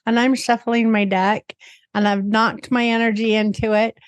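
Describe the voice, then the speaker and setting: A woman's voice: a little high, flat delivery, normal speed, dry recording. A woman hosting a podcast, chatting casually and enthusiastically, laughing often and swearing now and then. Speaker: podcast host.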